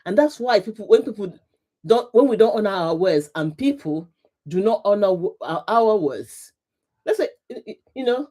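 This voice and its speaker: Middle-aged woman doing a live motivational chat, warm relaxed tone, says everything twice, laughs a lot. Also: medium pitch, moderate pace. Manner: repetitive, emphatic, greets viewers, laughs often. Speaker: livestream host, coach.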